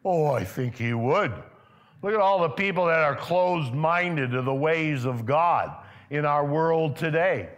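In a church sanctuary, a male pastor delivers a sermon in a voice on the high side, speaking a little slowly. He repeatedly poses questions to the congregation and turns loud and emphatic when moved.

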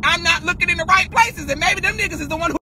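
A man livestreaming while driving, chatting in a sassy, loud and profane way, often calling his listeners girl. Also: extremely high pitch, quick pace. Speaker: livestream host. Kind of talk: casual chat while driving. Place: inside a car on the road. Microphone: phone on a dashboard holder. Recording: car and traffic noise. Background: road and traffic noise.

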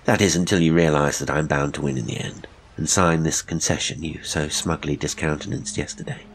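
A man's voice: a bass voice, a little fast, slight background noise. A man voicing a suave, menacing villain who speaks with chilly, biting scorn. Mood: sneering.

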